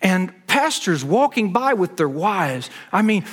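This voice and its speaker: A pastor preaches, his voice sitting notably high for a man. He talks to the congregation in an earnest, conversational way, telling a story. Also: very animated, unhurried, breathy edge. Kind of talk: storytelling sermon.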